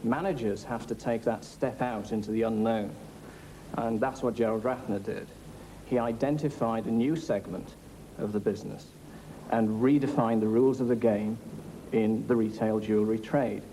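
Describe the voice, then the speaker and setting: A man's voice: fairly low pitch, fairly even intonation, moderate pace, dark tone, a little hiss or hum, poor audio. A man speaking as an academic commentator, fluent and lecturing. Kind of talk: explanatory interview talk.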